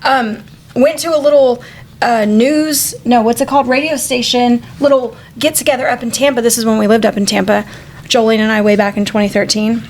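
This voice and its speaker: A woman in her forties co-hosting a podcast, telling a story in a casual, animated and profane way. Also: on the high side, brisk, a little hiss or hum. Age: 40s. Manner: animated, profane, acts out quoted voices. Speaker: podcast co-host.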